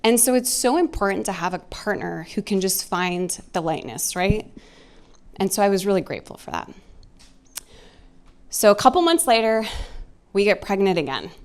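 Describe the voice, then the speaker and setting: Woman in her forties, stand-up storyteller, self-mocking, candid, mid-pitched, on a club stage mic. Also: expressive, moderate pace, long pauses. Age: 40s. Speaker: stand-up comedian.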